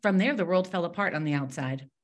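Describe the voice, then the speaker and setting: A woman's voice: fairly low pitch, quick pace. A woman guesting on a podcast interview, telling her story in a candid, open way. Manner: warm, candid storytelling with fillers. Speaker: podcast guest, mindset mentor.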